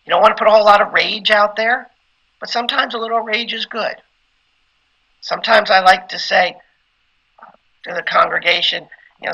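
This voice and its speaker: A man's voice: high-pitched, a little fast, vocal fry, pauses often, pushed and bright, poor audio. A middle-aged man giving an informal lecture on preaching skills, conversational and at times emphatic like a preacher. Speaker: instructor teaching preaching skills.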